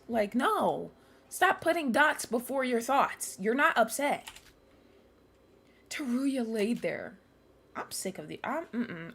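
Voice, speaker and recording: A woman's voice: a little high, animated, unhurried, slightly rough. A young woman streamer commenting live on a game, ranting angrily and swearing at the characters. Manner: angry, profane, ranting at characters.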